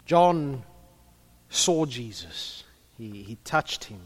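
A man's voice: mid-range voice, very animated, extremely slow. A man preaching a sermon in a conversational way, with humorous asides and a few stumbles.

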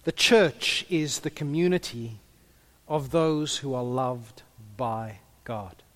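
A man's voice: mid-range voice, slow, fairly bright tone. A man preaching a sermon in a conversational way, with humorous asides and a few stumbles.

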